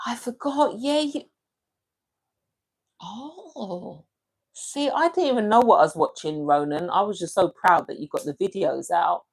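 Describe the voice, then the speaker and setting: Woman on a livestream, lowish voice, casual and chatty, greets everyone by name, laughs a lot. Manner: chatty, talks straight to viewers by name, laughs easily. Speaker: livestream host. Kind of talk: casual live chat reading comments.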